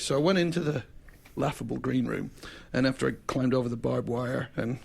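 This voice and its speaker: Gravelly man telling a story. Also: mid-range voice, fairly quick. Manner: lively storyteller who acts out the other people in his story. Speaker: podcast guest. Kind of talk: casual anecdote on a podcast.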